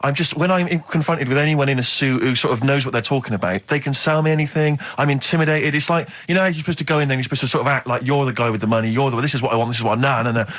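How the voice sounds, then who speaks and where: A quick-talking man on a radio show who tells stories against himself and laughs at his own mishaps. His pitch sits in the middle of the male range, and he speaks close to a studio mic. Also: a bit bright. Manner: self-deprecating storytelling, laughing at himself. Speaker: radio co-host. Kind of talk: casual radio banter. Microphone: studio microphone.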